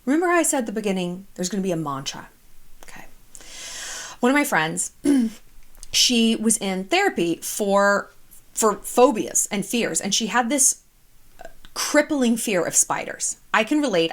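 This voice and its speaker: Woman vlogger, thirties, casual advice to camera, candid, chatty, swears freely, mid-pitched voice. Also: expressive, unhurried, long pauses.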